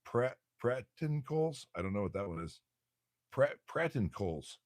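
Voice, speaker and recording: A man's voice: medium pitch, very animated, moderate pace, no echo, clean studio sound. A man hosting a casual livestream, reading aloud from a bird textbook, stumbling over words and cracking jokes as he goes. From United States.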